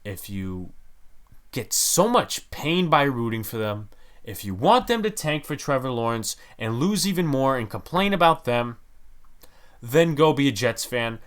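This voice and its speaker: A man's voice: mid-range voice, lively intonation, unhurried. Guy ranting on his sports podcast, all worked up, voice jumps up and down a lot. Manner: heated, exasperated ranting. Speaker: podcast host.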